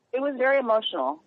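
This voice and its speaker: A woman journalist speaking as a radio guest in an earnest, halting, heartfelt way. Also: high-pitched, no room sound. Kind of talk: phone-in radio interview. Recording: tinny phone line.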